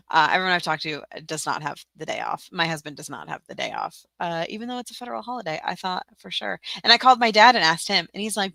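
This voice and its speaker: A woman's voice: fairly low pitch, fast talker, vocal fry, sharp tone, no room sound. A woman from Tennessee hosting a casual livestream tutorial, chatty and giggly, rambling with lots of fillers. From Tennessee, USA. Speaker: livestream host.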